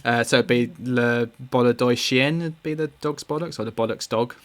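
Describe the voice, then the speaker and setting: A man's voice: medium pitch, normal speed. A man hosting a podcast among friends and serving as dungeon master, chatting casually with jokey, rambling asides and free swearing.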